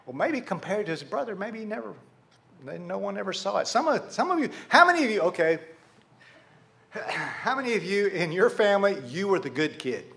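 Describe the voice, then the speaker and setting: A man preaching a sermon to a congregation, animated, asking rhetorical questions and speaking to them directly. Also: high-pitched, normal speed, creaky. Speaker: pastor.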